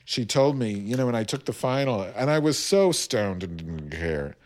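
Animated man in his fifties telling stories. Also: on the low side, moderate pace. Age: 50s. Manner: animated, exasperated, wisecracking. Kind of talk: casual comic storytelling.

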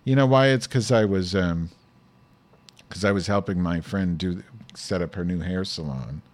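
A man with a deep voice speaks at a moderate pace, rambling crudely to himself as the host of a live show. He swears while testing out his lavalier mic and stand mic.

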